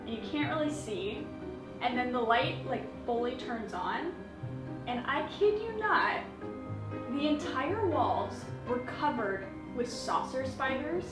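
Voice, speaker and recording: A woman's voice: high-pitched, very animated, unhurried. A young American woman, a guest, chatting casually and expressively with many fillers. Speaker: guest YouTuber. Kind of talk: casual chat. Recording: echoey room, mic at a distance, music behind.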